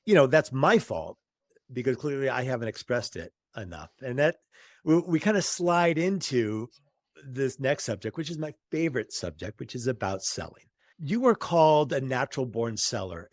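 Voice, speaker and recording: A man's voice: medium pitch, no room sound, clean studio sound. A man hosting an interview podcast, enthusiastic and affirming toward his guest. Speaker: host.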